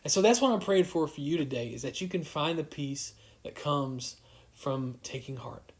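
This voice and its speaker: A man giving a casual livestreamed devotional as a youth pastor, halting with many fillers and restarts. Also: a little high, lively intonation.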